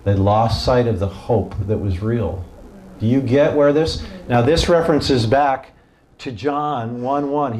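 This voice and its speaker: A man's voice: medium pitch, a little slow. A man leading a Bible study as its pastor, in a casual, joking teaching style, quizzing the group and acting out bits of the story. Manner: animated, jokey, asks the group questions and acts out voices.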